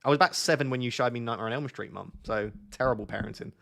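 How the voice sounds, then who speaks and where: A man's voice: medium pitch, quick pace, creaky, a bit bright. A young man, chatting casually with viewers on a live stream, joking and thinking aloud as he reads their comments.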